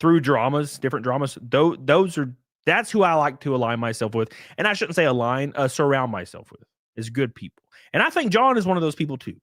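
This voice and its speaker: A man's voice: medium pitch, big pitch swings, brisk, a bit bright, no room sound, clean studio sound. A man live-streaming, chatting casually with his viewers, swearing, laughing and thanking them as he goes.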